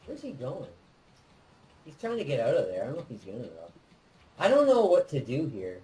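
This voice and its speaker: A man co-hosting a let's play, chatting casually and excitedly while directing his partner through a game. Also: medium pitch, fairly quick, poor audio. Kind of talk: casual gameplay chat.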